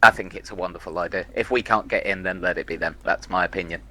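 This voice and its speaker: Low-pitched man with a bright, forceful tone, chatty and hesitant, pitching his group on a livestream. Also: fairly even intonation, quick pace. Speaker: player group representative. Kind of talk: livestream interview answers.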